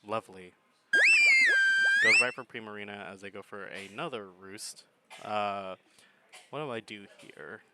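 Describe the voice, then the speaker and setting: A man's voice: lowish voice, huge pitch swings, measured pace, long pauses, pushed and bright, slight background noise. A man giving laid-back, chuckling commentary on a game battle, thinking his plays through aloud. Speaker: gaming commentator.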